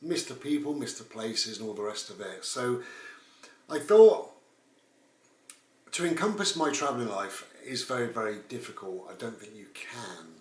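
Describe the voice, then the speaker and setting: A man's voice: mid-range voice, lively intonation, moderate pace. A man, telling a rambling, casual story as a vlogger. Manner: rambling, with frequent "and all the rest of it". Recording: roomy, distant mic.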